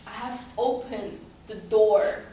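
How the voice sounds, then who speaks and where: A woman's voice: medium pitch, fairly even intonation, takes it slowly, dark tone, slight background noise. Blunt young woman in an echoey classroom. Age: 20s. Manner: blunt, swears, hesitant. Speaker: student in the class. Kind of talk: candid classroom sharing. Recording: echoey classroom, distant mic.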